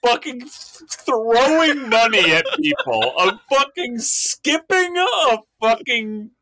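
Slow, lively high-voiced joking man. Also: a little hiss or hum. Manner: sarcastic, swears a lot, mock-outraged emphasis. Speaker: podcast co-host. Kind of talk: casual comedic chat.

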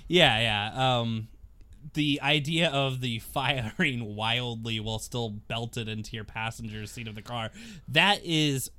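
A man's voice: medium pitch, slow, bright, forceful tone, dry recording. A man co-hosting a casual podcast, joking, swearing and laughing often. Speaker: podcast co-host.

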